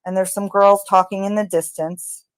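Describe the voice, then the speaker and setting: A woman casually narrating what she hears in a recording, halting often with ums and restarts. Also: medium pitch, fairly even intonation, dry recording. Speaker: true crime commentator. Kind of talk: casual narration of audio analysis.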